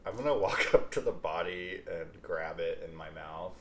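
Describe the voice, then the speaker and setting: A man's voice: sits low, moderate pace, fairly bright tone, a little hiss or hum. A man playing a tabletop game, laid-back and amused as he describes what his character does. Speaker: player. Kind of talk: casual tabletop play.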